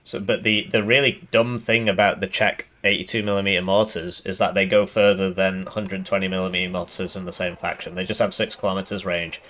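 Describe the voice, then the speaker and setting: A man giving casual game commentary, sarcastic and rambling in a deadpan way. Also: low-pitched, fairly quick, few pauses. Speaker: gaming YouTuber.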